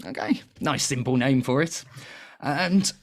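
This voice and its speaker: A man's voice: mid-range voice, measured pace. A man hosting a comedic panel quiz show in a cheeky, chatty way, laughing often.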